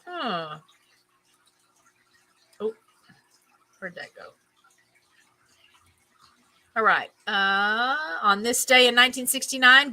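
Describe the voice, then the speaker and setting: A woman's voice: fairly high pitch, bright, forceful tone, rough recording. A woman hosting a casual stream, reading items aloud, tripping over names, and adding chatty musing asides. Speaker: host.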